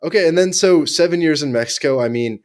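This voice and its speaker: A man's voice: fairly high pitch, fast, darkish tone. A man hosting a casual podcast chat, laid-back and slangy, asking questions between short reactions. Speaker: podcast host.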